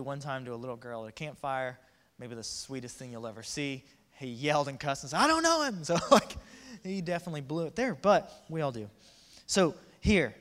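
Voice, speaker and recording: A man preaching a casual, joking sermon, acting out the quotes in voices. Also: on the high side. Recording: reverberant hall.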